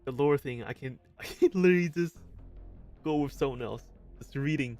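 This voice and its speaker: A man's voice: medium pitch, normal speed, mellow, faint music behind. A man streaming a video game, chatting casually and mocking himself while he stumbles through reading its dialogue aloud. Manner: casual, self-mocking, stumbles over lines. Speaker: gaming streamer.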